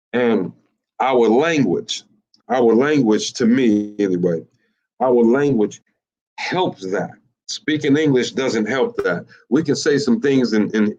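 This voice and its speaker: A man, teaching in a sermon style, halting and repeating himself, with many fillers and rhetorical questions. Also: fairly low pitch, darkish tone. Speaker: teacher of a religious group. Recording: muffled lo-fi recording.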